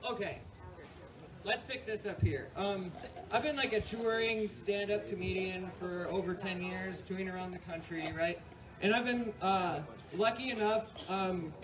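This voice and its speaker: A man from New York doing a rambling, profane stand-up set on a club stage, often laughing at his own jokes. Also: high voice. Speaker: stand-up comedian. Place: comedy club stage with audience. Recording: distant mic, noisy live room.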